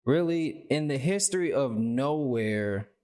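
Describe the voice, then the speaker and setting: A man's voice: mid-range voice, lively intonation, a little slow, a little mellow. Rambling casual man reacting to clips. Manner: loose and rambling, lots of "bro" and "like". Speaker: reaction video host.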